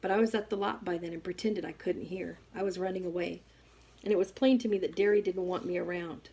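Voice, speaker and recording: Husky woman reading an audiobook. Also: fairly low pitch, a little fast. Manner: expressive storytelling. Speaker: audiobook reader. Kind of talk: first-person audiobook narration.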